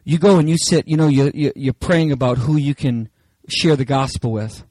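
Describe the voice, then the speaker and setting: A man preaching a sermon with passion, swinging between raised, shouted lines and hushed asides. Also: medium pitch, steady tone, moderate pace, no echo, rough recording. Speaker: pastor.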